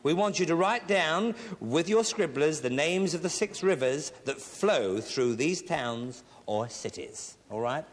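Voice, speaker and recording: Teasing and punning nonstop, a middle-aged man hosts a TV game show before a studio audience, his voice on the high side and animated. He keeps a measured pace with hardly any pauses, while audience laughter rings through the reverberant studio.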